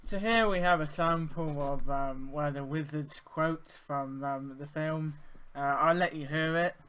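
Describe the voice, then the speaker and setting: Male tutor, bright and crisp, casual and hesitant, filler-heavy. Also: fairly high pitch, steady tone, measured pace. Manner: informal, hesitant, many fillers. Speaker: arts facilitator teaching audio effects. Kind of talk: screen-share software tutorial.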